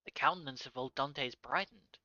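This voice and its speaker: A man's voice: medium pitch, moderate pace, pushed and bright, no room sound, dull audio. A man reading a classic novel aloud on a live stream, with casual asides. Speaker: reader.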